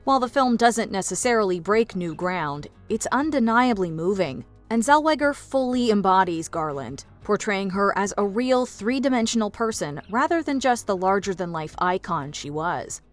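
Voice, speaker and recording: A woman giving polished, even, scripted narration for a film countdown. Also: mid-range voice, normal speed, few pauses, faint music behind.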